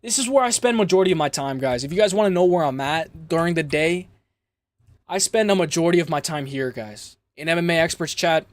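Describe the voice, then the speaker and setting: Young toronto guy on a stream, kinda high voice, dry close mic, rambly shout-outs. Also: lively intonation, fairly quick, no echo. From Toronto, Canada. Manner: rambling, hype shout-outs, frequent fillers. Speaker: livestream host. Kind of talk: casual livestream chat reading comments.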